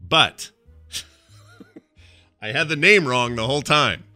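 A man hosting a podcast in casual banter, animated and quick to laugh, reading odd news stories aloud. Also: medium pitch, no room sound, soft background music. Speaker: podcast host.

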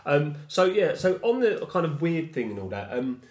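A man's voice: a little high, sing-song, normal speed, darkish tone. Rambling man in an echoey room. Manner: rambling storyteller, many restarts and "I said". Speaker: podcast co-host. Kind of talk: casual chat. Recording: roomy echo.

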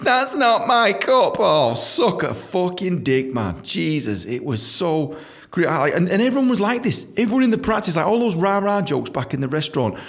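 A young man tells workplace stories in a loose, swearing monologue. He is animated and often laughs. He slips into quick voices for the people he describes. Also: on the high side. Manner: animated, profane, laughing, mimics others in quotes. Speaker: podcast host telling stories from his book. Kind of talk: casual storytelling monologue.

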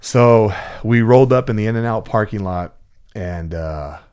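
A man's voice: fairly low pitch, animated, unhurried, darkish tone, smooth. Rambling, profane storyteller man. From Central California. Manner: rambling, profane, lots of fillers and restarts. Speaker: guest telling a story. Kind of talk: casual storytelling chat.

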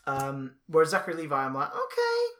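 Bright-voiced man chatting about comics. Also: a little high, quick pace. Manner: rambling, animated, trails off and restarts. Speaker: podcast co-host. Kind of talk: casual comics chat.

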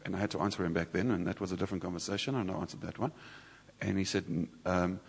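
A man sharing a personal sermon testimony in a church, conversational and halting, with many restarts. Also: low voice, fairly even intonation, creaky, a little hiss or hum. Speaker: church speaker. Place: church hall. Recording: reverberant church hall.

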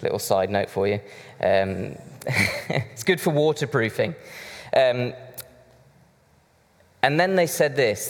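Chatty preacher in a hall. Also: male voice, mid-range voice, expressive, slow, pauses often. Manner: conversational, chatty with asides. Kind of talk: sermon. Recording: reverberant hall.

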